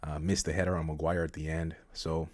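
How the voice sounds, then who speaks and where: Fed-up male football vlogger, very low voice, dry close sound, repetitive rant. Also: flat delivery, fairly quick, darkish tone, no room sound. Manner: frustrated, repetitive, exasperated. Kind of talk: ranting football vlog.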